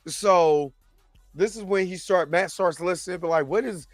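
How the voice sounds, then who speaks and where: High-voiced animated man recapping a show. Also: normal speed, no echo, studio quality, soft background music. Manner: animated, acts out characters' lines in his own voice. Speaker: show host. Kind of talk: casual TV recap commentary.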